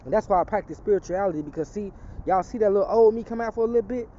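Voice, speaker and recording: A man's voice: sits high, very fast, mellow, lo-fi sound, slight background noise. A man telling a personal testimony in casual street talk, rambling and profane, slipping into an emphatic preaching tone.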